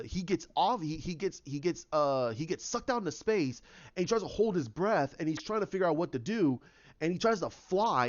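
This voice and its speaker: A man with a somewhat high voice, talking casually and rambling, restarting his sentences over and over. The recording sounds dull and lo-fi, without crisp highs. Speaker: fan pitching a movie idea. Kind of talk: casual retelling.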